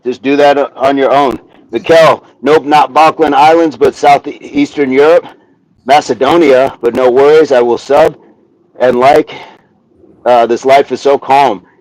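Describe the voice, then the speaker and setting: A man's voice: medium pitch, a little slow, no room sound, rough recording. Man counting reps on a workout stream. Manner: counts reps aloud in steady pairs, upbeat and joking with viewers. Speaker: fitness coach hosting a live workout.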